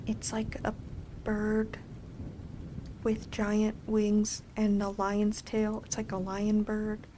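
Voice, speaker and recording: A woman reading a storybook aloud as soft ASMR storytelling, with gentle, chatty asides, on a close microphone. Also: medium pitch, noisy background. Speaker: ASMR reader.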